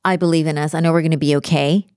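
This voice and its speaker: A woman speaking as a relationship coach in a casual podcast conversation, animated and acting out the voices she quotes. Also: sits low, very fast, no room sound, clean studio sound.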